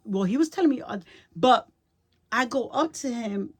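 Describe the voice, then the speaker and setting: A woman's voice: mid-range voice, lively intonation, moderate pace, a little hiss or hum. Woman telling an emotional story, chatty. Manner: emotional, chatty, repeats herself, checks in with "right?". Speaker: vlogger. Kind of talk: casual storytelling to camera.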